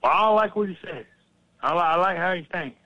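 A man hosting a heated political talk, animated and profane, telling stories to make his point. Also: high voice, brisk, no echo, muffled recording. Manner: profane, animated, fired-up storyteller.

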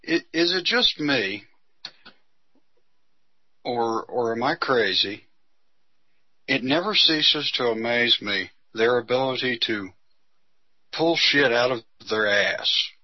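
Slow-talking exasperated man. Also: mid-range voice, lively intonation, no echo, lo-fi sound. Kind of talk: casual talk show chat.

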